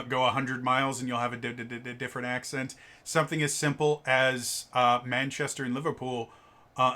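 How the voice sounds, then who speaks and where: A man's voice: medium pitch, pushed and bright. A man reviewing a tabletop game book in a casual, rambling way, often stuttering on the first sound of a word. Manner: loose, rambling delivery full of ums and uhs. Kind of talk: casual video review commentary.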